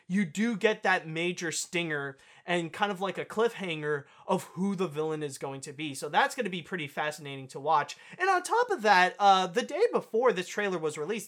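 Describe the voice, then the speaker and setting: A man's voice: fairly high pitch, a bit bright. A man hosting a podcast, giving casual news commentary in an enthusiastic, rambling way with plenty of fillers. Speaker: podcast host.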